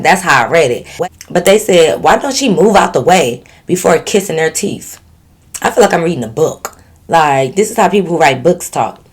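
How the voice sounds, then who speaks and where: Sassy woman reading a story. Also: on the low side. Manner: sassy, teasing asides. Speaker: channel host. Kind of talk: reading a viewer's story aloud with commentary.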